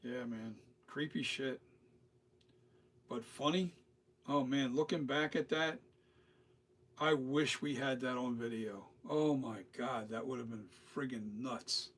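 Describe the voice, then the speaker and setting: A man's voice: mid-range voice, slow, a bit bright. A middle-aged man talking casually and loosely, swearing and repeating himself as he rambles. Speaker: host. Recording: distant mic with faint noise.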